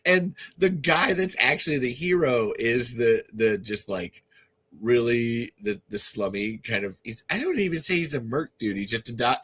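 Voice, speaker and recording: Male host, husky voice, casual rambling livestream chat, loose and profane. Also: medium pitch, animated, moderate pace, a bit bright, low-quality recording. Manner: rambling, swearing, laughing, many restarts. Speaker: podcast host.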